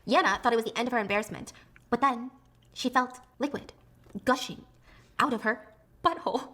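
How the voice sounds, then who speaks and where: A woman reading a story aloud with animated, excitable delivery. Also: a little high, brisk. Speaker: story narrator.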